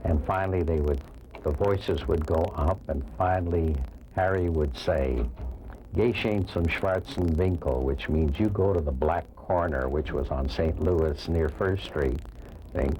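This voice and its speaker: A man's voice: very deep voice, unhurried, dark tone, a little hiss or hum, rough recording. An older man telling family memories in an interview. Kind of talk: interview recollection.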